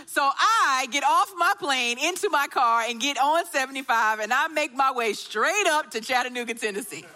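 A woman, preaching a sermon as an animated storyteller who acts out the dialogue. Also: sits high, moderate pace.

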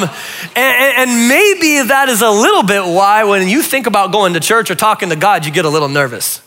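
Guy pastor telling funny stories, high bright voice, animated. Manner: animated storytelling with quick voiced asides. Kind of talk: humorous sermon.

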